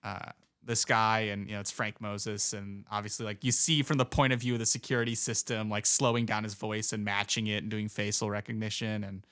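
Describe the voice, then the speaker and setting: A man's voice: lowish voice, flat delivery, fairly quick, hardly any pauses, fairly bright tone, clear, resonant tone, no echo, clean studio sound. A man casually recapping a movie plot in a chat, rambling with lots of fillers. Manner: rambling retelling with many fillers.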